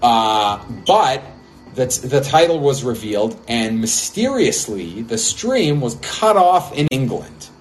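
A man's voice: mid-range voice, sing-song, slow, faint music behind. A man hosting a casual podcast, laughing often and rambling with many fillers. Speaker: podcast host.

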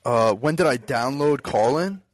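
A man's voice: medium pitch, lively intonation, unhurried. A man from the US East Coast calling in to troll a live show, drawling and saying bro constantly. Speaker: caller. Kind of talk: trolling call-in chat.

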